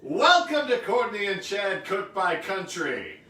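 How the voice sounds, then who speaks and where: A jokey man co-hosts a home cooking show with an animated, swinging delivery. His voice sits a bit high. He is heard from a distance in a roomy, echoing space. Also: unhurried. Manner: lively and jokey. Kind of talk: casual chat. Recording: echoey room from far off.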